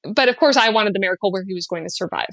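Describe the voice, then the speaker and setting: A woman's voice: mid-range voice, racing, no room sound. Earnest woman telling a heartfelt story. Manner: earnest and heartfelt, speaking with many "like" fillers; animated when acting out quotes, often laughing. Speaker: podcast guest, spiritual guide. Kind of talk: personal storytelling in a podcast conversation.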